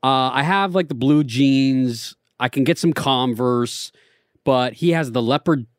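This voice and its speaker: A man's voice: mid-range voice, a little slow, dry recording, clean studio sound. A man in his thirties telling rambling, profane stories as a co-host on a casual podcast. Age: 30s. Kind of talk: casual chat.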